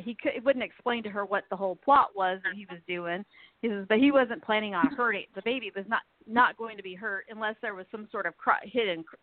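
A woman's voice: medium pitch, dry recording. A woman hosting a casual talk show, chatting in a rambling way with lots of fillers and restarts as she recaps a soap opera. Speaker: podcast host. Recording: tinny phone line.

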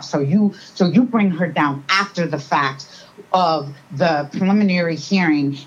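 A woman's voice: low voice, husky, dull audio. An older woman, a grandmother, talking earnestly and insistently in an interview. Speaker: guest, mother of the accused. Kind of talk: casual interview.

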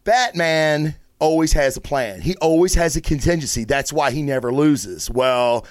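Excitable, swearing man reviewing comics. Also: on the high side, moderate pace, no echo, studio quality. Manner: excitable, rambling, swears freely. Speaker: host of a comic book review show. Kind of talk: casual solo review talk.

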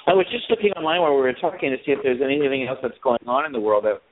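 A man's voice: mid-range voice, animated, rapid-fire. A man co-hosting a podcast, chatting casually and rambling through anecdotes. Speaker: podcast co-host. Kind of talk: casual chat. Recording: phone-like narrow band.

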